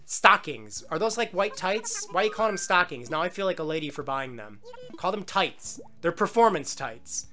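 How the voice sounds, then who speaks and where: A man giving excitable, jokey commentary on his gameplay and chatting back at the game characters. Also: sits high, moderate pace. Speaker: gaming video host. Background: faint game music.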